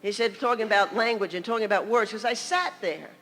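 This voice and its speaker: A woman's voice: mid-range voice, fast talker, a bit bright, big-room sound, soft background music. An older woman from New York preaching a sermon as a story, chatty, with laughing asides and many "you know"s.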